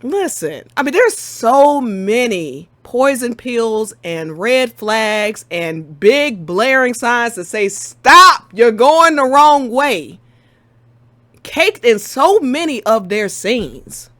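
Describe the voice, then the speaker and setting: A woman in casual game talk, ranting with exasperation and laughing as she goes. Her pitch sits a little high and leaps around a lot. The sound is dry and close. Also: very animated, takes it slowly, a bit bright, no echo. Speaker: podcast co-host.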